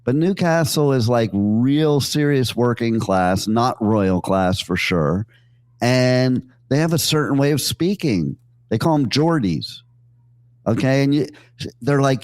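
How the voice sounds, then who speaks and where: Man, radio host, rambling jokey storyteller, mid-pitched voice, dry studio sound. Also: lively intonation, a little slow, darkish tone, dry recording. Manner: rambling, jokey, full of fillers and asides. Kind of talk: casual on-air storytelling.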